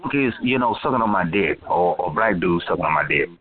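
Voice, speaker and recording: A man on a phone line making slow, drawling, crude taunts in a prank call. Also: sits low, animated. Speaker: caller.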